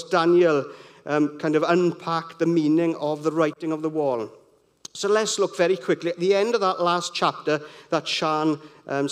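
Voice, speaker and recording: A middle-aged man gives a sermon in a conversational, rambling way full of personal anecdotes. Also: fairly high pitch. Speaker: preacher.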